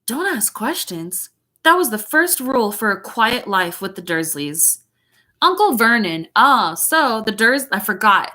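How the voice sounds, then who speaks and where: A woman's voice: on the high side, pushed and bright. A woman teacher reading a chapter book aloud, breaking off for chatty, giggly asides.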